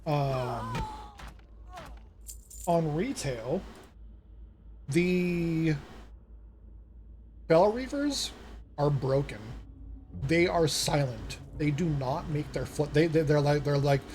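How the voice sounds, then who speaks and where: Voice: mid-range voice, lively intonation, extremely slow, long pauses, a little mellow. A streamer chatting on a live broadcast, spinning long, meandering stories. They act out the people they quote. The mid-range voice has a faint hiss behind it. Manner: rambling anecdotes, acts out quoted voices. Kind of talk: casual storytelling on a live stream.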